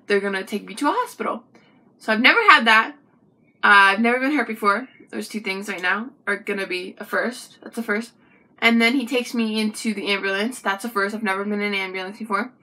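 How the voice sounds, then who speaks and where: Speaking in a mid-range voice at a fairly quick clip, a young woman vlogs about something personal to the camera. She's animated and chatty, often turning aside to address the viewer.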